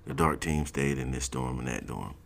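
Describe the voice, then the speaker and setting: A man's voice: a bass voice, normal speed, creaky. A man from South Georgia, casually telling a personal story in a laid-back, slangy way.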